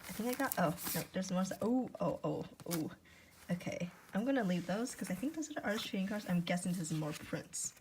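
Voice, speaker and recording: A woman chatting casually at home while unboxing gifts. She gushes excitedly, repeats "oh my gosh" and sometimes keeps her voice hushed. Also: on the low side, fairly quick, slight background noise. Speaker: YouTuber. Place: at home indoors.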